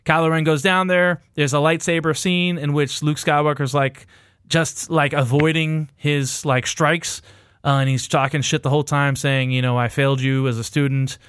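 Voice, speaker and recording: A man's voice: a little high, flat delivery, normal speed, fairly bright tone, clear, resonant tone, dry recording, clean studio sound. A man recapping a movie in casual, profane podcast chat, rambling and irreverent and laughing as he goes. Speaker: podcast host recapping a film.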